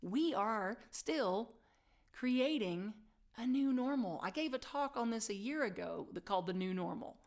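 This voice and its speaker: A woman minister delivering an inspirational sermon, telling a story animatedly and laughing at herself, sometimes dropping to a soft, near-whispered emphasis. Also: on the high side, expressive, measured pace.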